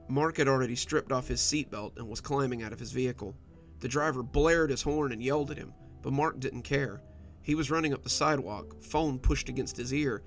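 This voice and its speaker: Gravelly male horror story narrator. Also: medium pitch. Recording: soft background music.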